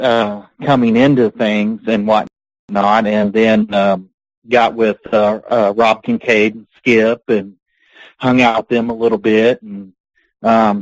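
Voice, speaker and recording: A pro wrestler appears as a guest on a casual podcast interview, telling long, rambling stories and laughing between them. His voice is on the low side, and the recording is dry and rough.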